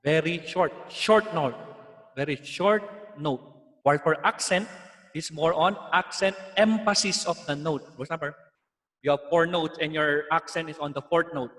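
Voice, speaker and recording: A man with a Filipino accent gives an online music theory lesson, explaining each point patiently. His voice sits fairly high for a man. The recording carries a long, lingering reverb. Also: moderate pace, a bit bright. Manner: explaining patiently, mixing in Tagalog asides. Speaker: music teacher.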